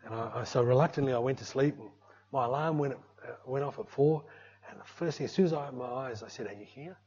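An Australian man shares his personal testimony in an easy, conversational way that swells into emotional exclamations. His voice is husky and mid-pitched. The recording sounds a little dull and lo-fi. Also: fast, a little mellow. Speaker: speaker giving testimony.

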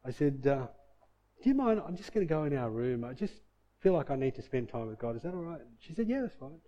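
A man's voice: medium pitch, quick pace, mellow, highs cut off. A middle-aged man sharing a personal faith testimony in an earnest, emotional way, with many fillers and reenacted quotes.

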